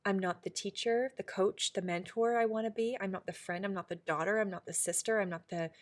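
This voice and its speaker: A woman's voice: mid-range voice, fairly even intonation, a little fast. A middle-aged woman co-hosting a podcast, talking in a casual, reflective way. She is earnest and emphatic, with many restarts and fillers. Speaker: podcast co-host.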